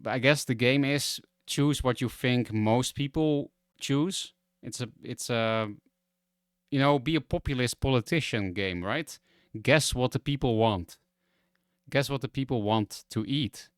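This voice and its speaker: A young Dutch man streams and comments in a loose, ranting way, his Dutch accent clear and his patience short. He talks with an even, mid-height voice. The sound is dry and close, with hardly any room in it. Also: mid-range voice, a little slow, no room sound. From Netherlands. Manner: exasperated, ranting, swears.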